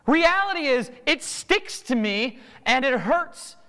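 A man's voice: extremely high pitch, very animated, takes it slowly, bright, forceful tone, in a large hall. A man preaching a sermon, acting out both sides of everyday conversations. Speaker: pastor.

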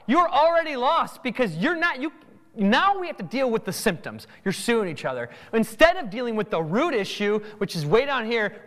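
Man, pastor, sermon, lively swooping delivery, reverberant hall. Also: sits high. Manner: animated, acts out both sides of conversations.

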